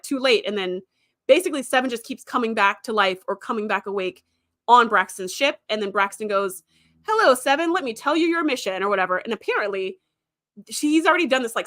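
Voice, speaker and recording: A woman's voice: medium pitch, a bit bright, no echo, clean studio sound. A young woman hosting a casual livestream, rambling through viewer comments with lots of ums, likes and easy laughter. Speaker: livestream host.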